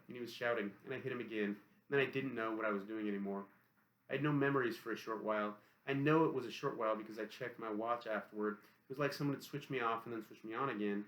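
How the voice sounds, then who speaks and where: Brisk man narrating an audiobook. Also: medium pitch, fairly bright tone. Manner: brisk, matter-of-fact, literal reading. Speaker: audiobook reader. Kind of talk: first-person novel narration. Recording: roomy echo.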